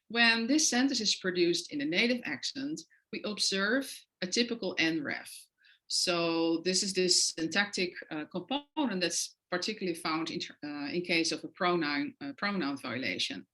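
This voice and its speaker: A woman's voice: on the low side, moderate pace, sharp tone, low-quality recording. A woman with a non-native English accent giving an academic lecture, explaining her research with frequent hesitant fillers. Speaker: guest lecturer.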